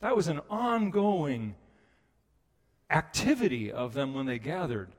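A man preaching a sermon as a pastor, telling the story with animated delivery and acting out the voices of people he quotes. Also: a little high, a little slow, long reverb tail.

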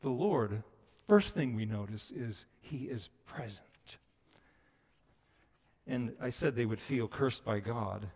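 A man preaching a sermon, moving between hushed passages and loud, emphatic ones. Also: on the low side, unhurried. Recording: long reverb of a large hall.

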